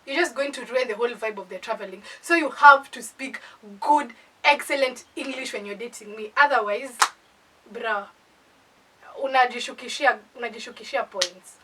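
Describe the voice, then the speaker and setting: A woman's voice: a little high, normal speed, far from the mic, noisy background. A young Kenyan woman with a Kenyan accent, animatedly telling a playful storytime in a casual chat. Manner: animated, playful, dramatizes with acted asides.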